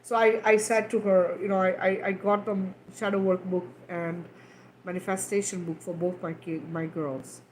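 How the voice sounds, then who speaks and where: Speaking at a moderate pace in a lowish voice with a flat delivery, a mother of two daughters has a frank, emphatic spiritual chat to camera. She swears casually and keeps asking "right?" and "okay?", on a rough recording with slight background noise.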